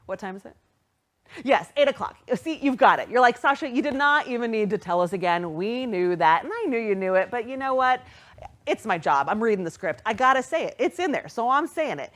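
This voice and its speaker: A young adult woman hosting a virtual charity gala, reading out donations with upbeat, excited patter. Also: fairly high pitch, a little fast. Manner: upbeat, animated, bursts of excited squeals at donations. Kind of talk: live fundraising emcee patter.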